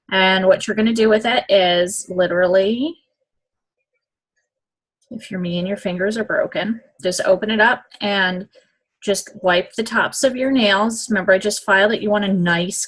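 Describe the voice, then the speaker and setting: A woman with a mid-range, slightly bright voice demonstrates nail application step by step. Her manner is chatty and casual, and she checks in frequently with "okay?".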